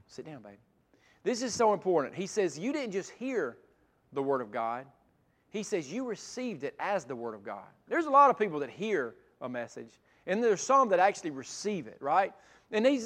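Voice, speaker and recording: A middle-aged pastor preaches with a notably high-pitched voice. He climbs into loud, emphatic stretches and then drops to a soft, close delivery. He talks like a man speaking from the pulpit. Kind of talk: sermon.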